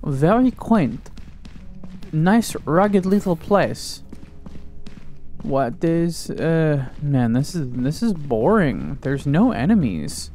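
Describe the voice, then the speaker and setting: A man's voice: a little high, sing-song, slow pace, darkish tone, faint music behind. A young man giving casual gaming commentary, joking crudely, talking to himself and yelping when startled. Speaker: gaming YouTuber.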